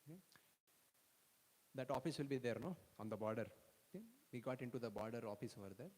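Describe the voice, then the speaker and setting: A man rushes through an animated storytelling sermon for a youth audience and keeps checking in with his listeners. His voice sits at an ordinary pitch for a man, and a long hall reverb trails behind him. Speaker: speaker at a youth festival.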